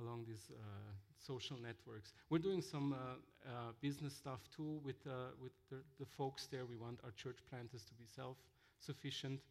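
A man telling mission stories in a sermon, halting with fillers and restarts. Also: mid-range voice. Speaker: missionary speaker. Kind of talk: sermon-style storytelling.

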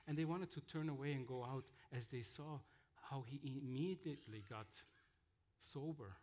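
A man telling mission stories in a sermon, halting with fillers and restarts. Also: medium pitch, fairly even intonation, a little mellow. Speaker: missionary speaker. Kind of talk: sermon-style storytelling.

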